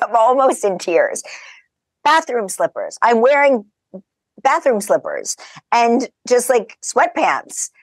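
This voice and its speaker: A woman as a podcast guest, telling lively anecdotes in casual chat and laughing as she goes. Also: medium pitch, dry recording. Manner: animated, chatty, laughs through her stories.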